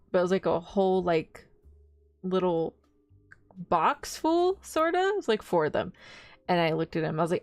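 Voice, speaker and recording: A woman's voice: on the low side, dry recording. A young adult woman streaming as a VTuber, chatting casually in a bubbly, rambling way, giggling and answering chat.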